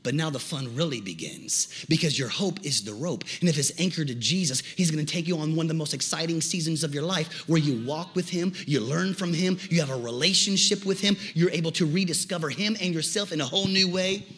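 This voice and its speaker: A middle-aged male pastor preaching a sermon, animated, with folksy humor and shouted climaxes. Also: a little high, fairly quick, few pauses.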